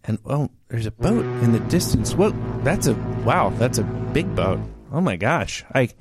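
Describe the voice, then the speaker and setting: A man hosting a comedy podcast, doing a silly improvised bit with sudden over-the-top shouts. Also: mid-range voice, very animated, normal speed, loud music behind the voice. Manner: goofy, bursts into exaggerated shouts. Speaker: podcast host.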